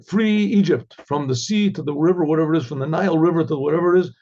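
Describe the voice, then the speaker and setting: Gravelly rabbi telling stories animatedly. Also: male voice, a little high, a little fast, lo-fi sound. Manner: animated storyteller who acts out dialogues and keeps clearing his throat. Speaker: rabbi teaching a class. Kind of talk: informal Torah class.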